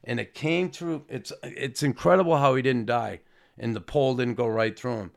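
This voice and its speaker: A man, a former hockey player, telling old stories in a rambling, halting way with casual swearing. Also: mid-range voice, creaky. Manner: rambling, halting, with frequent restarts and fillers; swears casually, self-deprecating. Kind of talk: casual storytelling.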